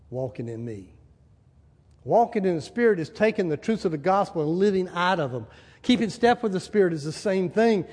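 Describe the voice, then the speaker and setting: A man preaching a sermon as a pastor, animated, asking the congregation questions and acting out little scenes. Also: high-pitched. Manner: animated, asks the crowd, acts out little scenes. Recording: hall reverb.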